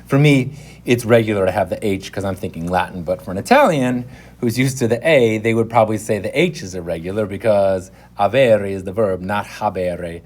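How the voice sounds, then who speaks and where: A man's voice: fairly low pitch, fairly quick. A man giving a casual, rambling spoken language lesson, correcting himself often as he goes. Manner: relaxed and rambling, with many fillers and self-corrections. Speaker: language teacher.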